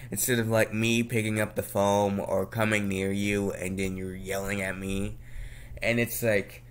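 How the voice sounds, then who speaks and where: Young dude venting on a vlog, repeats himself, flares up loud now and then. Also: male voice, fairly low pitch. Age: young adult. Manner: venting, frustrated, with sudden loud outbursts; slangy, repeats himself, laughs at his own jokes. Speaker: vlogger. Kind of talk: casual ranting monologue.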